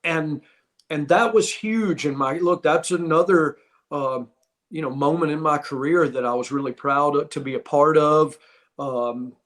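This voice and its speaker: A man's voice: fairly high pitch, measured pace, fairly bright tone. A middle-aged man hosting a podcast, telling wrestling stories in a casual, rambling way with many restarts. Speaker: podcast host, former pro wrestler. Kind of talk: casual storytelling.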